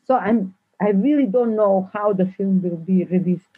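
Halting woman director on a tinny call. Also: mid-range voice, husky. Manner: halting, searching for words, animated storytelling. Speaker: film director, guest. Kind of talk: interview over video call. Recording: tinny phone-like call audio.

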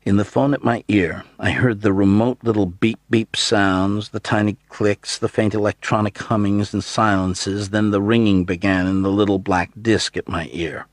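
A man giving measured, steady first-person audiobook narration on a close studio mic. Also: sits low, no echo.

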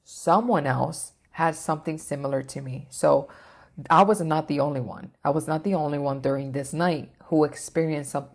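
A woman's voice: low-pitched, creaky, a little mellow. A woman vlogger recounting a personal experience in a rambling way, full of fillers and restarts. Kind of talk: personal storytelling.

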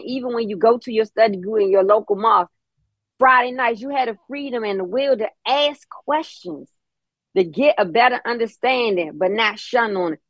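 A woman's voice: medium pitch, no echo, lo-fi sound. A woman calling in to a group call, speaking earnestly and repeating her key points. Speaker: caller.

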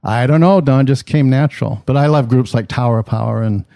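A man's voice: medium pitch, a little fast, gravelly, no room sound. Easygoing man telling music stories. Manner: animated anecdotes, easygoing. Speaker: musician guest. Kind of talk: conversational storytelling.

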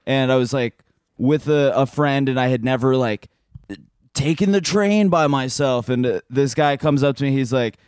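A man who is a comedian, telling a story in a halting, self-deprecating way with many restarts. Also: mid-range voice, darkish tone, clear, resonant tone, no echo, clean studio sound. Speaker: comedian guest. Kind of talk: casual storytelling.

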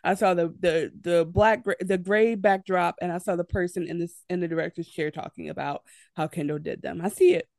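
A woman co-hosting a podcast, chatting about a TV episode in an animated way with laughing asides and many fillers. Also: fairly low pitch, fairly quick, no echo. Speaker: podcast co-host. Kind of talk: casual TV recap chat.

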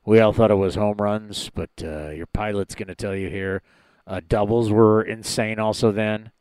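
A man putting on a low, smooth airline pilot voice. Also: fairly even intonation, darkish tone, no room sound, close to an everyday voice. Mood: deadpan announcing. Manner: slow, drawling announcement with many pauses. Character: male airline pilot making a cabin announcement. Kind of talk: comic impression on a sports talk show.

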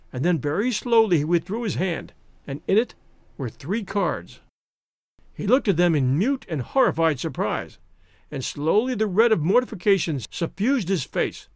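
A man narrates a classic adventure story with theatrical flair, shifting his voice for each character. His voice sits high and moves over a wide, lively range. The recording is close and dry, with no room sound. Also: no echo. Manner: dramatic, varies voice for each character. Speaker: audiobook narrator. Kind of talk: audiobook reading with character voices.

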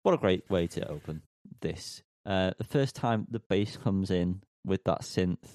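A man's voice: low-pitched, a little slow, darkish tone, no room sound. Rambling, self-mocking male podcaster. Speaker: podcast co-host. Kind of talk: casual podcast chat.

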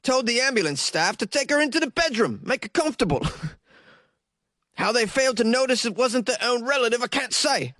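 A man's voice: expressive, normal speed, bright, forceful tone, dry recording, clean studio sound, heavily acted. A man voicing an exasperated working-class English son, in a put-on English accent, indignant and raised. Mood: distraught. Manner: raised, indignant, rising pitch.

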